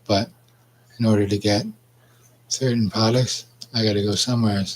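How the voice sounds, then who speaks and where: A man's voice: lowish voice, steady tone, normal speed, poor audio. A man from Canada delivering a rambling, confrontational monologue, swearing and calling out absent people by name. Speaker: vlogger. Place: outdoors.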